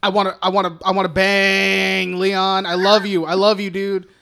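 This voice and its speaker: A man's voice: high voice, completely flat delivery, normal speed, vocal fry, bright, forceful tone, clean tone, exaggerated voice. A man mockingly imitating a lovestruck young girl who gushes over a hitman, in a whiny voice. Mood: gushing.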